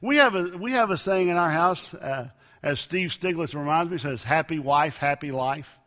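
A man preaching a sermon, with emphatic loud rises and soft drops. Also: a little high, moderate pace. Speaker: pastor. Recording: long reverb of a large hall.

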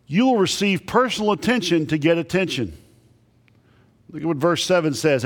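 A male pastor preaches with emphatic, dramatic pauses and drops his voice low for the key lines. His voice sits a little high for a man. A long reverb trails after every phrase, as in a big church sanctuary. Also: very animated. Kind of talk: sermon. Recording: long reverb in large hall.

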